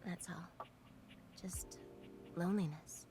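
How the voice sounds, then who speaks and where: Lonely bed character, soft, hesitant, wistful, game music behind. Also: female voice, on the low side, steady tone, slow, in a whisper.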